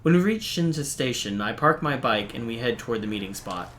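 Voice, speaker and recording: While streaming a game, a man with a medium-pitched voice reads the visual novel text aloud in steady, even narration, breaking it up with quick, dry asides. Faint game music plays behind him.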